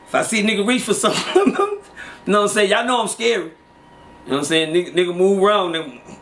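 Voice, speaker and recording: Animated high-voiced storytelling man. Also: quick pace. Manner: animated storyteller, acts out quotes, laughs often. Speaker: interview guest. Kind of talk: casual street storytelling.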